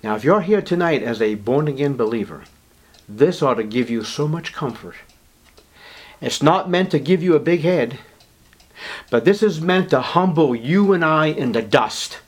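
Male preacher, higher pitch, dramatic swings between hush and proclamation. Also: lively intonation. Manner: swings from low murmurs to high, loud emphatic declarations; drawn-out words for emphasis. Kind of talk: evangelical sermon.

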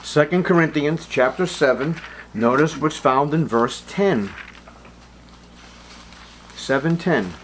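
A man preaching a sermon, acting out Bible scenes with sudden jumps in pitch and volume. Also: expressive, slow pace, long pauses, slight background noise. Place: church.

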